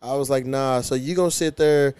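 A man in casual podcast talk, with a smooth, resonant voice at a middle pitch. He tells profane stories and quotes his own comebacks. The sound is close and dry, with no room in it. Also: a little fast, a little mellow, dry recording. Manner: profane storytelling, quoting his own retorts. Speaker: podcast host.

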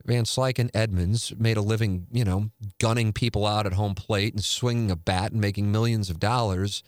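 A man's voice: on the low side, steady tone, moderate pace, no echo, studio quality. A man in his forties hosting a casual talk show, rambling and restarting sentences with candid, profane asides. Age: 40s. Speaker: podcast host. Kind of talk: casual chat.

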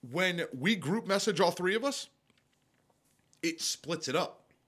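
A man co-hosting a casual live podcast, who swears freely and tells animated stories. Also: sits high, unhurried, husky. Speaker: podcast co-host.

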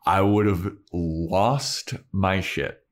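A man with a deep voice tells the plot in a breezy, profane podcast chat. He speaks into a podcast microphone, relaxed and conversational. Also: extremely slow. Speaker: podcast co-host. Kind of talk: casual recap chat.

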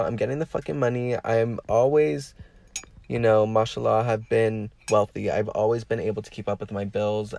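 A man's voice: on the low side, creaky, darkish tone, slight background noise. A man hosting a podcast, talking frankly in a casual, rambling way with lots of swearing. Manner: frank and heavily profane; rambling with many fillers. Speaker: podcast host.

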